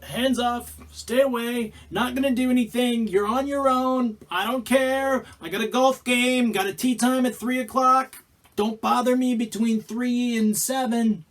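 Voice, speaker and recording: A man's voice: extremely high pitch, fairly even intonation, a little slow, a bit bright, pitched above the performer's own voice. A man voicing an aloof, lazy male god who brushes people off, in a dismissive, flippant tone during a sermon.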